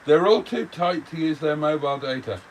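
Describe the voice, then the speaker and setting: A man's voice: on the high side, a little fast, recorded from a distance, slight background noise, poor audio. A British man ribbing his friend in casual livestream banter in a caravan. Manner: mocking, lively. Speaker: livestream guest.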